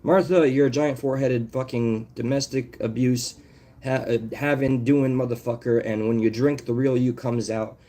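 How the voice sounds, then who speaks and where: A man's voice: mid-range voice, steady tone, moderate pace, warm tone. A man ranting on a live stream, swearing often and calling out viewers by name. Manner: profane, confrontational, calls out viewers by name. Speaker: livestreamer.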